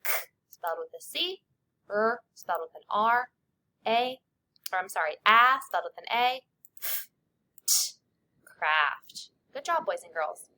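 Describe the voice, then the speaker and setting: A woman teacher leading young children through a spelling lesson, sounding out letters and sounds slowly and clearly. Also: medium pitch, big pitch swings, pushed and bright.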